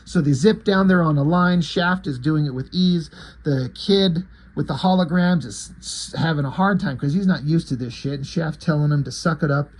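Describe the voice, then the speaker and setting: Husky, eager comic recap guy. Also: on the high side, normal speed, a little mellow. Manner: enthusiastic, rambling retelling. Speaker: comic book reviewer.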